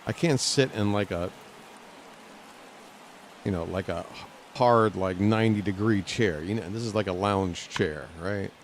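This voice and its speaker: A man streaming live gameplay from a lounge chair at home, talking to the game and reacting loudly as he plays. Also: on the low side, measured pace, long pauses, slight background noise. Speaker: gaming streamer.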